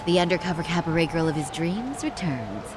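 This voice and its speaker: An actress playing a composed young woman going undercover as a hostess, measured and lightly wry. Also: low voice, big pitch swings, background noise.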